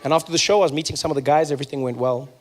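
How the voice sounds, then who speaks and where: A man's voice: a little high, racing. A young man with a South African accent, telling stand-up stories and acting out every character himself. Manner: animated, acts out both sides of his stories. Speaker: stand-up comedian. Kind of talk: stand-up comedy storytelling.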